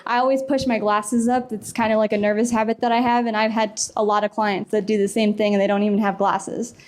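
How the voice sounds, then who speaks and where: A woman's voice: medium pitch, flat delivery, brisk, a little mellow. A young woman giving a casual conference talk in a hall, chatty and laughing often. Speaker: conference speaker.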